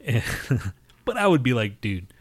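Crude, swearing podcast host. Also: male voice, mid-range voice, very animated, a little slow, slightly rough, dry recording. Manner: crude, swears constantly, laughs often. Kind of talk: casual chat.

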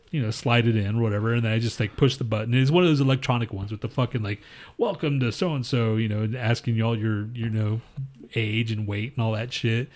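A man on a podcast rambling through a crude, profane story in casual chat. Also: medium pitch. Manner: rambling, profane, animated retelling. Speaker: podcast co-host.

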